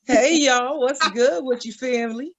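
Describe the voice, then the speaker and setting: A woman in her forties doing stand-up comedy, telling stories in a playful, animated way and acting out what others say. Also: sits high, a little slow, no echo. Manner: animated, playful storytelling with acted-out quotes.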